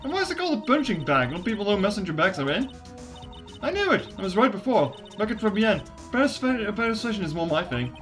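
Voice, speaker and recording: A streamer voicing an excitable, chatty young woman sidekick in a game. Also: medium pitch, fast, soft background music, lightly acted. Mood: excited. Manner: excited, bouncy.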